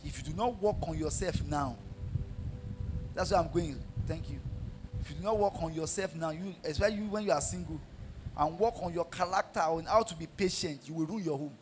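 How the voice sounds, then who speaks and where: A man's voice: a little high, a little fast, background noise. A man preaching a sermon in an emphatic, repetitive style and calling out questions to his congregation. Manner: emphatic, repetitive, call-and-response.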